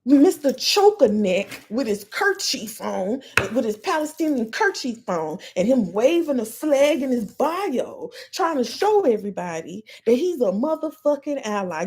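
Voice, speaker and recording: A woman hosting a live-stream podcast talks in a fired-up, profane rant. Her voice is husky and sits high, swinging widely up and down as she hammers her points home. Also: sing-song, a little mellow. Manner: heated, profane, fast ranting. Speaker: podcast host.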